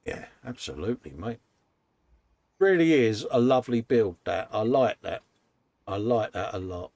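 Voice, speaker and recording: His voice is fairly low, gravelly and darkish, expressive at a normal pace, with no echo. As co-host of a casual live modelling show broadcast from a hobby workshop, he chats in an upbeat way, reading viewer comments, praising model builds, laughing often and dropping plenty of "mate"s.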